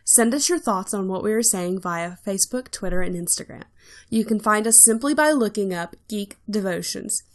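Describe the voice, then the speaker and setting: A woman co-hosting a podcast, cheerful and welcoming, speaking in casual, excitable chat. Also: medium pitch, normal speed. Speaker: podcast co-host.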